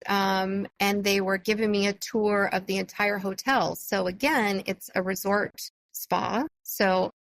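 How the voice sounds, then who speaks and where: A woman's voice: medium pitch, creaky, no echo, rough recording. A woman hosting a solo podcast, telling a personal story in a chatty, enthusiastic way with frequent fillers. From California. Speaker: podcast host.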